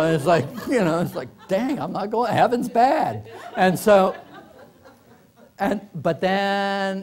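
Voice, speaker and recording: A middle-aged man tells comic stories to a library audience, his voice set a bit high for a man. He laughs often and slips into quick acted voices for the people he quotes. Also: a little hiss or hum. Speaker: author giving a workshop talk. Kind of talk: comic storytelling to a live audience. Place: library meeting room.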